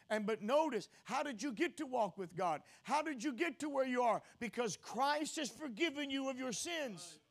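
A high-pitched man preaching an expository sermon. He drops into soft, quick asides while explaining, then climbs into loud, emphatic repetitions of his key phrases. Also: animated, gravelly. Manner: swings between loud emphatic peaks and quiet teaching asides.

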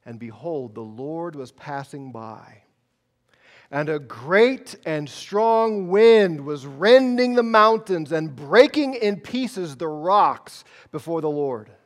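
A male pastor preaching a sermon, telling a story dramatically, swinging from loud to hushed. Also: on the high side, lively intonation, slow pace.

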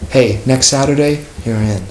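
Casual joking pastor in an echoey room. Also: male voice, medium pitch, normal speed. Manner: conversational, joking, acts out quoted people. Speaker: pastor teaching a class. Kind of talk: informal catechism class. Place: church classroom. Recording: echoey room with faint noise.

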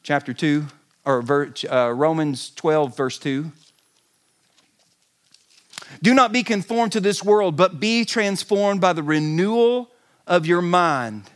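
High-voiced animated male pastor. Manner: animated storytelling, shouting in bursts. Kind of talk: sermon.

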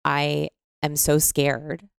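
A woman with a low, gravelly voice explains things conversationally, breaking into voice demonstrations mid-sentence. The sound is close and dry, with no room around her. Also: monotone, extremely slow, dry recording.

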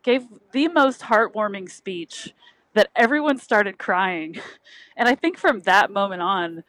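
A woman's voice: mid-range voice, expressive, a little slow, fairly bright tone, rough recording. A woman chatting casually as a podcast co-host, laughing often. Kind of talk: casual chat.

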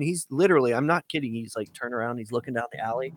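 A man's voice: medium pitch, racing. A man telling a rambling, profane story in a casual chat as a podcast host.

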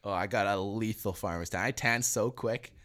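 A man's voice: on the low side, normal speed, fairly bright tone. A young man from Manitoba, Canada, co-hosting a podcast and telling stories in a casual, profane, rambling way. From Selkirk, Manitoba, Canada. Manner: profane, rambling storyteller with many restarts. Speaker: podcast co-host. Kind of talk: casual chat.

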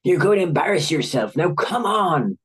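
A man's voice: high-pitched, sing-song, normal speed, a bit bright, breathy edge, voice pushed up, heavily acted. A man voicing a stern, formidable middle-aged mother who snarls orders. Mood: snarling.

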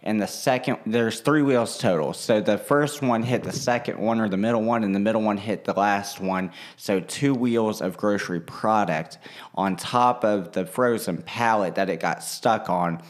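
Man, young adult, somewhat low voice, casual storytelling, animated, swears freely. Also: normal speed. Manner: animated, swears freely, slips into quoting people.

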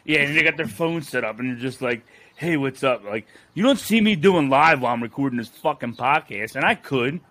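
A man's voice: medium pitch, animated, a little fast, few pauses, fairly bright tone. A young man co-hosting a podcast, ranting in a heated, profane way. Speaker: podcast co-host. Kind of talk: casual podcast rant.

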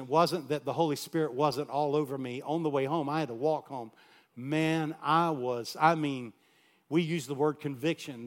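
Man telling a sermon story, loud to hushed. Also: a little high. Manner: animated, swings from loud to hushed. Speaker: pastor.

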